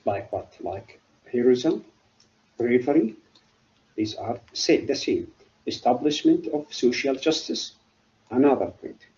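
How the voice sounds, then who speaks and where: A middle-aged man giving a university literature lecture, halting and often asking then answering his own questions. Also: medium pitch, animated, mellow, dull audio. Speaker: literature professor.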